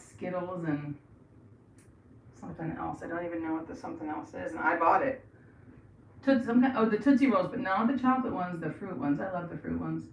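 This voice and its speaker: This is a chatty, rambling American woman in middle age, hosting a casual livestream and reading out her viewers' messages. Her voice sits a little low. She is recorded from across an echoey home bathroom, with a faint hiss behind her. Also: highs cut off. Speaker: livestream host. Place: home bathroom, painting trim. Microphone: camera set across the room. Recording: echoey room, voice far from mic, faint noise.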